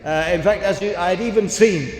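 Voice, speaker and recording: A man's voice: high-pitched, a little fast. A man, preaching and telling a story with lots of quoted dialogue. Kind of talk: sermon. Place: large church hall. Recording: echoey church hall with long reverb.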